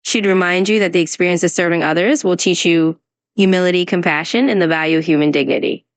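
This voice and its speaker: A woman's voice: lowish voice, fairly even intonation, fast talker, no echo. A synthetic woman's voice acting as an AI English tutor, upbeat and encouraging as she answers questions and gives pronunciation tips. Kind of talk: scripted conversation practice.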